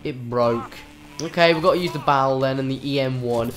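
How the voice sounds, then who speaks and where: A man's voice: medium pitch, a little fast, faint music behind. Swearing man gaming live. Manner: swears often, frustrated outbursts and panicked yelps. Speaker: gaming channel host. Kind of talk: live gameplay commentary.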